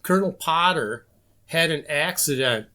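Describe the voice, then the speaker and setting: A man's voice: a little high, expressive, moderate pace, bright, forceful tone. A man guesting on a podcast, telling stories about old episodes in casual chat. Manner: storytelling, enthusiastic recollection.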